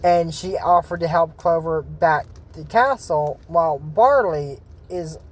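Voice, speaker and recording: A man's voice: fairly high pitch, a little slow. A man casually recapping a cartoon episode, rambling with sarcastic asides and acting out the lines. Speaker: video host.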